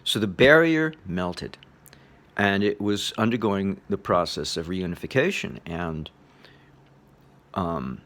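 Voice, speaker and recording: A man giving a relaxed spoken lecture on meditation, chuckling often in a loose, playful way. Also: on the low side. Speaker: meditation teacher.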